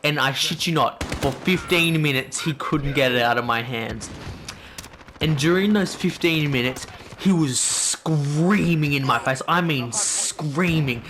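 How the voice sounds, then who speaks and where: A man's voice: a little high, a little slow, background noise. A teenage guy, telling a rambling, profanity-laced story casually while gaming. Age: teens. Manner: animated, swearing, rambling. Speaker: gaming channel host. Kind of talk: casual storytime over gameplay. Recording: game gunfire in background.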